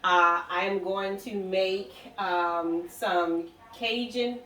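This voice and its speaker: A woman's voice: medium pitch, steady tone, very slow, few pauses, sharp tone, distant mic, a little hiss or hum. Chatty woman cooking in a roomy kitchen. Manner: chatty, rambling, self-correcting. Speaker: cooking vlogger. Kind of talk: casual cooking vlog. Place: home kitchen, cooking at the stove.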